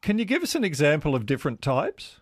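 A man hosting a morning radio talk show, relaxed and chatty as he invites callers. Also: on the high side, quick pace, husky. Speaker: radio host. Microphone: studio microphone.

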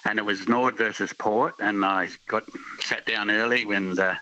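A man's voice: lowish voice, steady tone, normal speed, pushed and bright, dry recording. An Australian man in his sixties from Adelaide, calling in to reminisce with rambling, hesitant storytelling over the phone. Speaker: caller. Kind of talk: reminiscing on talkback radio. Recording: slightly dull phone line.

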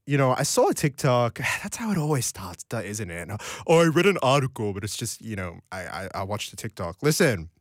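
A man's voice: medium pitch, no room sound. A man, hosting a late-night radio show in a playful, chatty way, talking to listeners from a studio microphone. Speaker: radio host.

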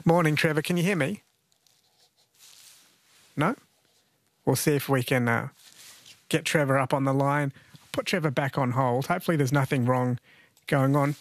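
A man's voice: medium pitch, moderate pace, long pauses, no room sound. A man hosting a radio quiz, chatty and jokey, laughing often. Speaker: radio host.

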